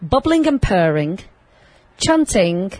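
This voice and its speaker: A woman's voice: mid-range voice, sing-song, slow pace, a little mellow, dry recording. A woman hosting a casual radio chat, chatty and teasing, in a radio studio. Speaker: radio host.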